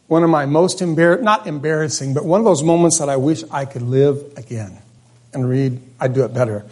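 A middle-aged man preaching a sermon, telling stories in a loose, conversational way that is often animated and often corrects itself. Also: a little high, fairly quick.

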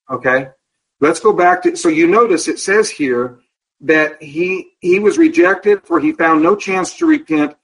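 A man teaching a Bible study class in a conversational way. He often asks the class questions, checks in with "okay?", and slows down to stress key words. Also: on the high side, a bit bright, breathy edge, low-quality recording.

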